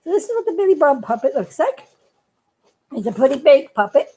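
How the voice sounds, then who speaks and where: A woman's voice: high voice, big pitch swings, fairly quick, dark tone, low-quality recording. A woman who makes puppets, chatting casually and giggling as she shows how she builds them. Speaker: puppet maker. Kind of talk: casual craft demonstration.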